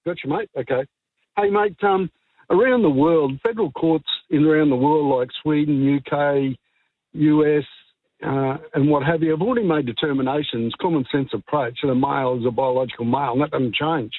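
A man's voice: on the high side, a little fast, no echo. A male caller with an Australian accent, indignant and rambling as he airs a complaint on talkback radio. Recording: phone line.

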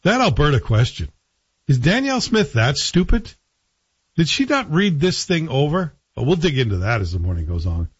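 A chatty male radio host bantering through the morning show with a lively, swinging pitch. His voice has a husky edge and sounds dry and close on the mic, though the broadcast audio is a little muffled. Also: no room sound. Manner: chatty, teasing, quick jokes. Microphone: studio microphone.

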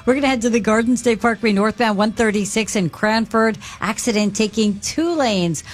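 A woman giving a brisk, cheerful traffic report on a radio show. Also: a little high.

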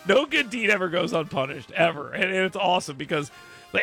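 A man's voice: fairly high pitch, quick pace, gravelly, faint music behind. A man hosting a show, cracking jokes and laughing in a casual comedic chat. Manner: animated, joking, often laughing. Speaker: show host.

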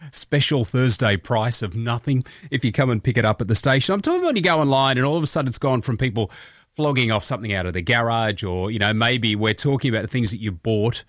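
A man's voice: medium pitch, expressive, a little fast, dry recording, clean studio sound. A man hosting a radio show, chatty and joking, laughing at his own quips. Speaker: radio host. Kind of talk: casual radio chat.

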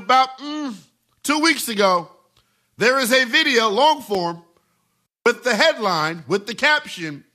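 A male sports radio host with a high, bright voice that rides up and down as he hammers his points home. He repeats phrases for emphasis in a punchy talk-radio monologue. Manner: emphatic, repetitive, animated delivery.

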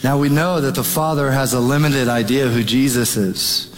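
A man's voice: mid-range voice, fairly even intonation, moderate pace, a little hiss or hum. A man preaching a sermon as pastor, dramatic, acting out the people in the story as he goes. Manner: dramatic, acts out the father's pleading in quoted voice. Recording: long hall reverb.

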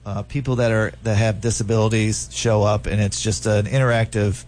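A man's voice: fairly low pitch, flat delivery, a little fast, a little mellow, a little hiss or hum. Joking man on the radio. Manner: loose and joking, with fillers. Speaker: radio host. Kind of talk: casual morning radio banter.

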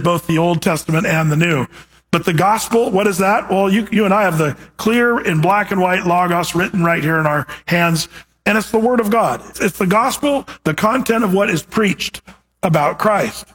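Husky high-voiced preaching man. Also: fairly bright tone. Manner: conversational teaching with rhetorical questions. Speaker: pastor. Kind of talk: sermon.

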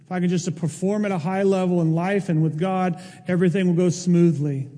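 A male pastor preaching a sermon in an impassioned way, his voice rising toward near-shouts. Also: high voice, steady tone, a little fast, long reverb tail.

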